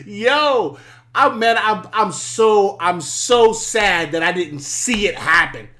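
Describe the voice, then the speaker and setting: A man runs a live sports talk stream, excitable and foul-mouthed, laughing a lot and saying things over again. His voice is high and hoarse from shouting, and he speaks slowly.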